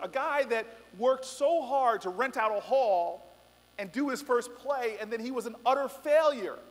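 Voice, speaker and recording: A man's voice: high voice, a bit bright. A middle-aged man giving a passionate, rousing speech at a student rally, mixing stories with emphatic appeals. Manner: passionate, building to emphatic peaks, storytelling asides. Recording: echoey hall reverb.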